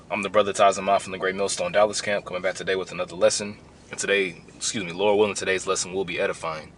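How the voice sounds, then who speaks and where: Bright-voiced low man teaching a lesson. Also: slight background noise. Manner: rambling, conversational, builds to heated emphasis. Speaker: camp teacher giving a recorded lesson. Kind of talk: informal religious lesson.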